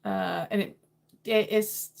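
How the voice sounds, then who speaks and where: A woman's voice: medium pitch, steady tone, slow pace, creaky, darkish tone. A middle-aged woman from New England, hosting a casual livestream chat with viewers, playful and laughing often. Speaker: livestream host chatting with viewers.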